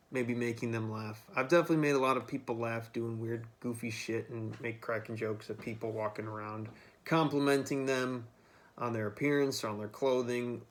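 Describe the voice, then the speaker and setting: A man vlogging in a loose, rambling monologue, swearing freely as he talks. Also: mid-range voice. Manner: rambling, profane, freewheeling. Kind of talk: casual monologue to camera.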